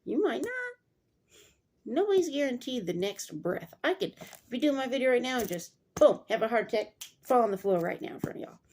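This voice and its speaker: A woman's voice: medium pitch, dark tone, a little hiss or hum. A woman reading a Bible passage aloud and breaking off into chatty, digressive commentary full of fillers.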